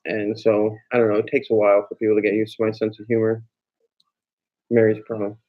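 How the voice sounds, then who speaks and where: A man's voice: on the low side, monotone, a little fast. Sarcastic man chatting on a dull mic. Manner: sarcastic, joking. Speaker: vlogger. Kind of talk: casual chat.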